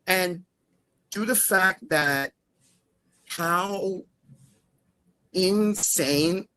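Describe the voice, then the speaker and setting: A man's voice: sits high, very slow, sharp tone. A man as a guest in a heated argument, angry and swearing, repeating himself over and over.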